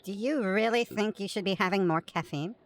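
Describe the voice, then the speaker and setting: A woman's voice: medium pitch, brisk, close to an everyday voice. A woman voicing a young female coffee-shop barista who hesitates and says um a lot. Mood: dithering. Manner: hesitant, full of ums.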